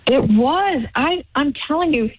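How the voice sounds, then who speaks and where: A woman guest telling lively stories in a casual radio interview, laughing now and then. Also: high-pitched, a little slow, narrow, tinny audio. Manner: animated storytelling, with laughs. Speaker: guest actress.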